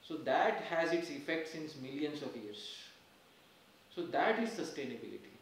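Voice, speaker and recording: Recorded from a distance in a highly echoey temple hall, a man leads a religious class, driving points home and repeating key phrases. His fairly high voice is very animated at a normal speed, with a little hiss or hum.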